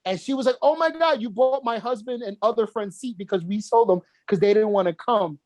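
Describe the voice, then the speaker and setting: A man's voice: high-pitched, fairly quick, dry recording. A man co-hosting a casual podcast, telling a long story with lots of swearing and laughter. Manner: animated storyteller, swears often, laughs a lot. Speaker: podcast co-host. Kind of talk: casual chat.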